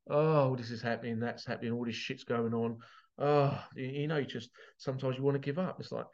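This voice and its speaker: A passionate man talks straight to his viewers about jealousy and pushing forward, swearing freely and choking up with emotion. His voice sits at an ordinary middle pitch, and the recording sounds a little muffled. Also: brisk, darkish tone. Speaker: motivational vlogger. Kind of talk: emotional motivational monologue.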